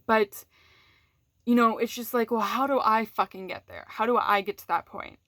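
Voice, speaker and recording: A woman's voice: a little high, normal speed, fairly bright tone, no room sound, clean studio sound. Frank, profane woman vlogger. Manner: frank and profane, restarts often, laughs between words. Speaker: vlogger talking to her audience. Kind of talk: casual candid chat.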